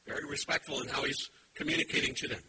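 A man preaching a sermon to a live congregation, animated and emphatic, cracking playful puns. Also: fast talker, recorded from a distance, noisy background. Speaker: pastor.

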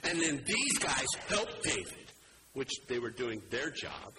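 Animated male preacher, noisy recording. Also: mid-range voice, unhurried. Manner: animated, swings between loud and hushed. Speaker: pastor. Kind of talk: sermon.

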